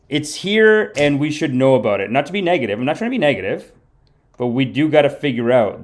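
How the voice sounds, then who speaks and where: A man hosting a comedy livestream, rambling in mock-sermon style and correcting himself as he goes. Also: medium pitch. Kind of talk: mock-guru livestream banter. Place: home streaming setup.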